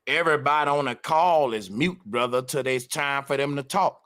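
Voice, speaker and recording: A man's voice: medium pitch, normal speed, fairly bright tone. A man hosting a call-in livestream, directing callers in a bossy, casual, slangy way. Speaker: host.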